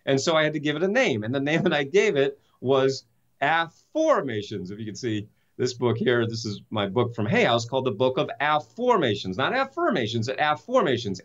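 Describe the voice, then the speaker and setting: A man's voice: a little high, highs cut off. A man speaking as an interview guest, telling a story with enthusiasm and emphatic rhetorical questions. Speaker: guest, self-help author and speaker.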